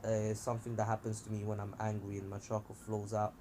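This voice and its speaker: A man's voice: on the low side, completely flat delivery, a little fast, warm tone, a little hiss or hum, natural voice. A man voicing a cocky, blunt teenage ninja boy in his ordinary, offhand voice.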